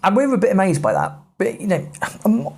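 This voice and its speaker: A man's voice: high voice, huge pitch swings, quick pace, darkish tone. An English man in his thirties hosting a podcast, telling travel stories in a chatty, blunt way with British slang. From England. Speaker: podcast host. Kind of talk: casual travel storytelling.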